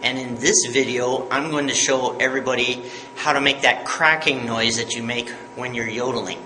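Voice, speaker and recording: A man's voice: medium pitch, steady tone, moderate pace, sharp tone. A man giving a patient, upbeat yodeling tutorial, explaining each step plainly. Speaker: yodeling teacher. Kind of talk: tutorial video. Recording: echoey room with faint noise.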